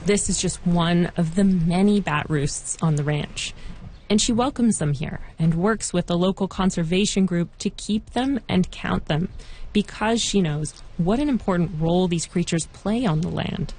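Low-voiced woman narrating a documentary. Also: darkish tone, rough recording. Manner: measured, clear storytelling delivery. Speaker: reporter.

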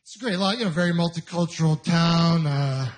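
A man's voice: on the high side, a little fast, crowd noise. A young man from Ontario doing a stand-up comedy set, telling stories animatedly and quoting people in different voices. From Ontario, Canada. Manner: animated storytelling with quoted voices and audience laughter.

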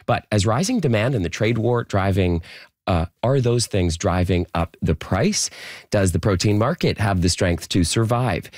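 A male morning radio host with a low, deep voice and an upbeat, chatty delivery. He speaks close to a studio microphone in a dry room with no reverb. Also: a little mellow.

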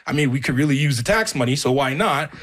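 A man's voice: mid-range voice, animated, fast, fairly bright tone. A man talks through hiring problems on a radio panel. He is loose and filler-heavy, then turns to insistent, repeated demands. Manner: heated, many fillers, rising to emphatic. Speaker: jobs and recruiting guest.

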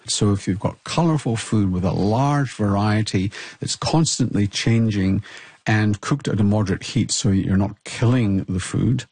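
Guy explaining food science on a podcast, low husky voice, kinda stops and restarts. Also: a little mellow, no room sound. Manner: measured, explains with repeated restarts. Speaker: health expert co-host.

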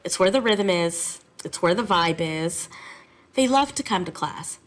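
A woman music teacher telling chatty, animated stories in a radio interview. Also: lowish voice, a little slow.

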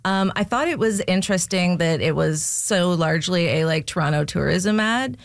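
A woman's voice: fairly low pitch, moderate pace, gravelly, dry recording, studio quality. A woman guest on a casual panel discussion, giving her views in a wry, hesitant way with frequent restarts.

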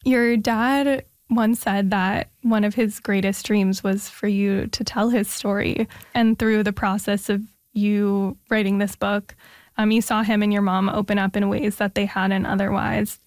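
A woman's voice: medium pitch, little pitch movement, a little slow, a little mellow, dry recording, clean studio sound. A woman hosting an interview, asking thoughtful and encouraging questions. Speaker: interviewer host. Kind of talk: podcast interview.

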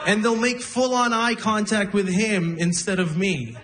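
A young man performing a stand-up comedy set, telling stories deadpan and laughing at his own jokes. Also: sits high, unhurried, noisy background. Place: comedy club stage with audience.

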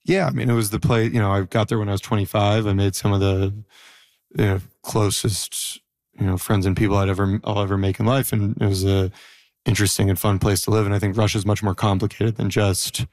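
A man in his thirties with a lowish voice speaks as an interview guest. He is reflective and halting, with plenty of fillers. The sound is dry and close, with almost no room around it. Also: flat delivery, a little mellow, no echo. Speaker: interview guest, former prisoner. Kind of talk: conversational interview.

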